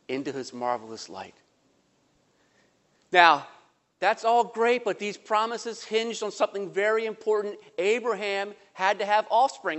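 Pastor, male, high voice, sermon with stories, hushed to emphatic, church reverb. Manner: storytelling, swings between soft and emphatic.

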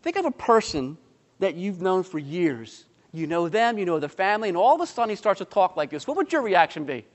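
A man's voice: high voice, very animated, brisk, in a large hall. A male pastor preaching a sermon, emphatic and full of rhetorical questions to the congregation, with light humorous asides.

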